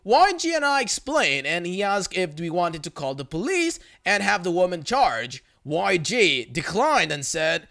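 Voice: medium pitch, sing-song, measured pace, creaky, hardly any pauses, a bit bright. A narrator reading online forum stories aloud in a plain storytelling manner.

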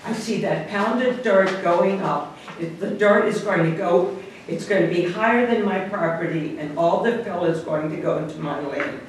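A man's voice: high-pitched, moderate pace. A man, a neighboring resident, making an upset, pleading public comment at a hearing. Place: town meeting room. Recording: echoey room from far off, faint hiss.

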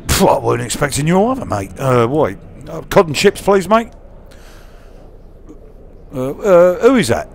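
A man's voice: fairly high pitch, sing-song, a little slow, creaky, long pauses, a little hiss or hum. A man with a London accent giving crude, jokey commentary while playing a video game. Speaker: gamer. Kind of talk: casual gameplay commentary.

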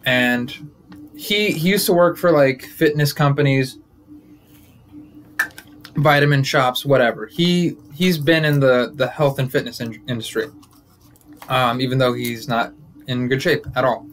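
A man's voice: mid-range voice, a little slow, long pauses, fairly bright tone. A young man in his twenties, a comedian and podcast host, talking through a casual, joking monologue that wanders and interrupts itself. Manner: rambling, joking, self-interrupting.

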